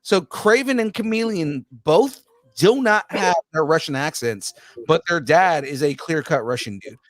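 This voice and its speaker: A man's voice: fairly high pitch, expressive, a little slow, no room sound. A man co-hosting a casual pop culture podcast, ranting and laughing in the middle of his sentences. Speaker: podcast co-host.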